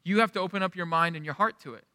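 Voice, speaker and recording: A man's voice: high-pitched, very fast, sharp tone, no echo, clean studio sound, long reverb tail. A male pastor preaching a sermon in a conversational, storytelling way, often restarting his sentences.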